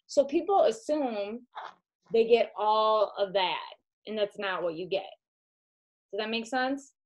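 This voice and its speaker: A woman's voice: medium pitch, animated, slow pace, poor audio. Woman, Midwestern accent, chatty sales consultant, home demo. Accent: Midwestern American. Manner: chatty, calls listener girl, talks while handling products. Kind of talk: casual home video demo.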